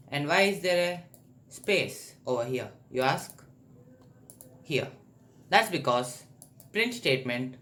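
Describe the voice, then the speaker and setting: A man's voice: fairly high pitch, fairly bright tone. A man teaching a screen-recorded coding tutorial, explaining step by step and thinking aloud as he types. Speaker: programming tutor. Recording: faint background noise.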